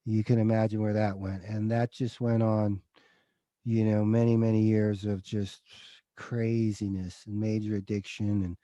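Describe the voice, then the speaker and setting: A middle-aged man speaks as an interview guest, open and emotional, and he keeps saying dude. His voice is mellow and dark, and the recording is dry and close. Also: on the low side, flat delivery, a little slow, no echo. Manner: emotional, confessional, says dude often. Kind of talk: candid interview storytelling.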